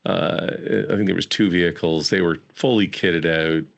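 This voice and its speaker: Very deep gravelly-voiced man hosting. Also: moderate pace. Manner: relaxed storyteller, laughs easily. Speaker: podcast host. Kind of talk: casual interview conversation.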